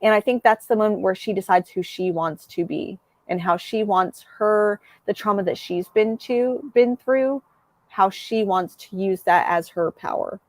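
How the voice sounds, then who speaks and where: A woman's voice: medium pitch, measured pace, dry recording. A woman with a mid-range voice joins a comic book stream as a guest. She reflects thoughtfully on the story, and her sound is dry and close. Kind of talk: casual comic book discussion.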